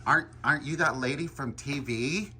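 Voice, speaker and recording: A man's voice: medium pitch, a little fast, bright, forceful tone. A man showing his family's lodge and playfully prompting his mother to tell a story. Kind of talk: casual vlog. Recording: faint background noise.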